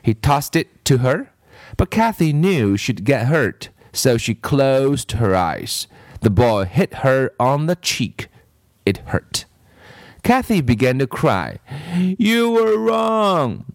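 A man's voice: mid-range voice, dry recording, studio quality. A man reading a children's story aloud with playful asides to the listener. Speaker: reader.

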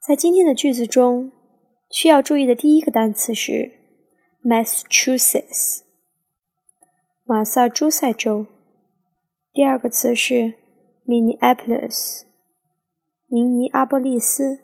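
A woman teaching English who explains a sentence in a clear, step-by-step way. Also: fairly high pitch, steady tone, unhurried, pauses often, a little mellow. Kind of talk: explaining a sentence in a language lesson.

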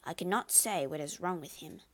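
A man's voice: fairly high pitch, brisk, fairly bright tone. A woman voicing a grave, formal male butler in a storybook reading.

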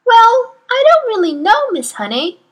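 Brief: woman reading as a tiny, serious young girl, polite and plain-spoken, high-pitched, with lively pitch. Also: measured pace, heavily acted. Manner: quiet, polite, matter-of-fact. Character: tiny serious five-year-old girl, quiet and polite. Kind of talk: storybook reading.

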